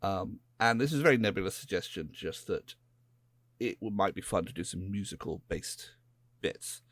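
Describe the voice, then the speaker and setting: A man with a West Country English accent, co-hosting a podcast in casual chat, rambling and drifting into quiet asides. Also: sits low, animated, moderate pace, no echo. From England. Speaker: podcast co-host.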